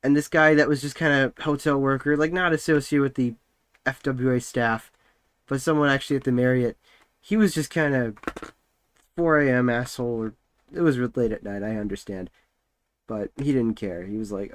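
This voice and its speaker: A man's voice: medium pitch, a little fast, pauses often. A young man streaming from home, chatting casually and rambling with lots of filler words while he works.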